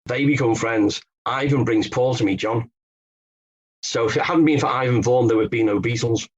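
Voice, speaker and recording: On a podcast, a male author from England who specializes in the Beatles explains and narrates his answers, sometimes using fillers and restarting sentences. His voice is mid-range at a normal speed, captured with lo-fi sound.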